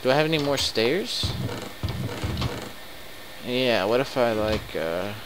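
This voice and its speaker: A man commenting live on his game, excitable and quick to swear in frustrated outbursts. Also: medium pitch, background noise. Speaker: let's play gamer.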